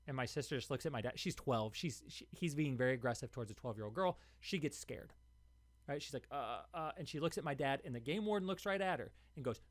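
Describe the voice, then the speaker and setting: A man's voice: a little high, animated, fast, dry recording. A young man hosting a podcast, telling a story in a casual monologue, getting heated and restarting his words as he goes. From Ohio. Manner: heated, repetitive, restarts words when worked up. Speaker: podcast host.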